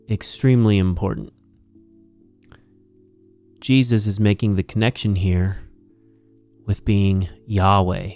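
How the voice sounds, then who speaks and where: A man teaching New Testament Greek, slowly and methodically walking through a verse as a Bible teacher. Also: lowish voice, fairly even intonation, a little mellow, soft background music. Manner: slow, methodical explaining. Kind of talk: Greek grammar lesson.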